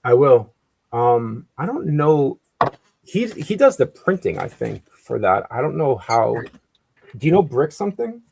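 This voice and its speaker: A man's voice: mid-range voice, very animated, unhurried, darkish tone, slight background noise. A man in his forties chatting casually and rambling while painting, often cutting himself off and swearing. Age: 40s. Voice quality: gravelly.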